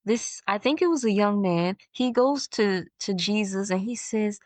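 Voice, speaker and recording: A woman's voice: medium pitch, lively intonation, dry recording. Woman podcaster thinking aloud, dry sound. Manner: thinks out loud, halting and searching for words. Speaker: podcast host. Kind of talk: reflective solo podcast monologue.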